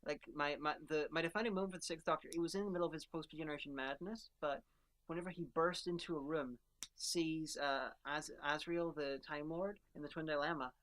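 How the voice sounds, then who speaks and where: A woman's voice: low voice, fairly even intonation, a little fast, a bit bright. A woman co-hosting a podcast, chatting casually and eagerly picking apart favourite characters, with frequent restarts. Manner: enthusiastic, rambling fan analysis with restarts. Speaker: podcast co-host. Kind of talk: casual chat.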